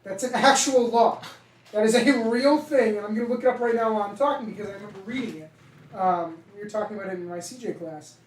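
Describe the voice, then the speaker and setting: A man's voice: high-pitched, fast. A young man from Massachusetts with a heavy Boston accent, co-hosting a casual podcast chat and rambling, swearing now and then. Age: young adult. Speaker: podcast co-host. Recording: echoey room, mic at a distance.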